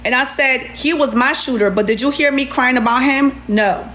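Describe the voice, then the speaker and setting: A woman's voice: high-pitched, moderate pace, fairly bright tone, a little hiss or hum. A middle-aged woman ranting sarcastically on a live stream, reading messages aloud and answering them with indignation. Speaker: livestreamer. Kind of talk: heated TikTok live rant.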